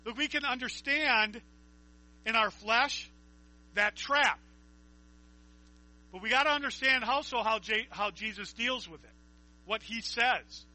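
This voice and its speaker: A man's voice: very high voice, a little slow, long pauses, bright, forceful tone, low-quality recording. A man preaching a conversational Bible teaching, reading scripture aloud and asking his listeners questions.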